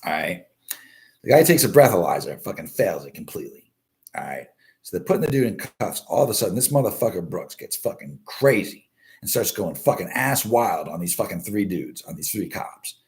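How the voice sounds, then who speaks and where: A man's voice: sits low, very animated, brisk, a little mellow. A man hosting a casual live stream, commenting on the news in a blunt, constantly swearing rant. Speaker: live show host.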